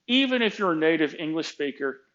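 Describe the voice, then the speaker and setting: A man's voice: fairly high pitch, animated, brisk, a bit bright, highs cut off. A man telling a work story as a casual, exasperated rant, acting out both sides of the conversations. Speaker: vlogger ranting about work.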